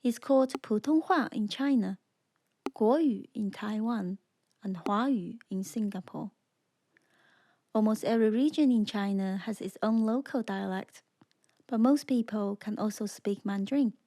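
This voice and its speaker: A woman narrating a scripted beginner language lesson, speaking slowly and clearly and demonstrating sounds for the listener to repeat. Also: medium pitch, mellow. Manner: slow, clear, demonstrating tones. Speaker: language teacher.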